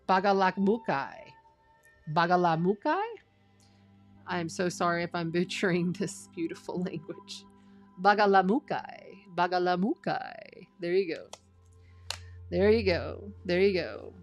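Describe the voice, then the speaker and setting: A woman doing a live tarot reading in a casual, earnest way, offering spiritual encouragement and slowly reading card meanings aloud. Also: on the low side, highs cut off, faint music behind. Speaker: astrology and tarot reader.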